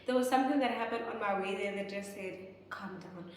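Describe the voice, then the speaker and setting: A woman's voice: medium pitch, brisk, a little mellow, a little hiss or hum. A young South African woman telling a storytime vlog, chatty and talking straight to her viewers. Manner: chatty, keeps addressing viewers as "guys". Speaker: vlogger. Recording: echoey room, far from mic.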